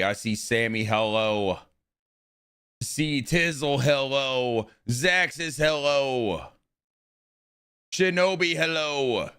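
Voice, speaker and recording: A man's voice: medium pitch, fairly bright tone, smooth. A young man streaming live, talking casually and with energy to his chat and greeting viewers by name.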